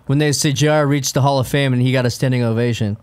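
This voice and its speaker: Male co-host, fast, mid-pitched, rambling anecdotes on a dry mic. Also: dry recording. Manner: rambling, animated storytelling. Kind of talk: casual wrestling chat.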